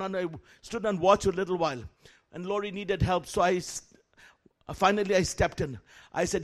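Man preacher, high voice, animated storytelling sermon that calls out to the congregation. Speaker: guest preacher.

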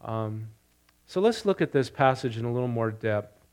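A male pastor leading prayer and then preaching through a scripture passage, getting louder on the quoted lines and putting questions to his congregation. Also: mid-range voice, moderate pace, clean tone. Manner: animated, rising loud on quoted lines, asks congregation questions. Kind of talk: sermon with scripture reading.

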